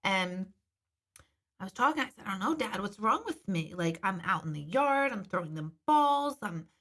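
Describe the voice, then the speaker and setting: Chatty, bright-voiced woman host. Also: mid-range voice, big pitch swings, moderate pace. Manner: chatty and candid, swears casually. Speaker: intuitive host reading viewer comments. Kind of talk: casual live-stream chat.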